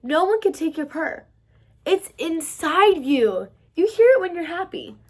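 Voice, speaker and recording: A woman voicing a gentle, loving mother cat in a storybook reading. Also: very high voice, sing-song, a little slow, voice pushed up, exaggerated voice. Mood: tender. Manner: tender, soothing.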